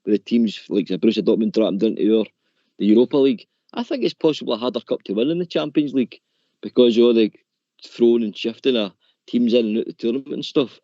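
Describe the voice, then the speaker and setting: A man's voice: medium pitch, quick pace, warm tone, no room sound. A man calling in to a radio phone-in, rambling about football with lots of "you know". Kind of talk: casual phone-in chat. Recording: dull dry lo-fi line.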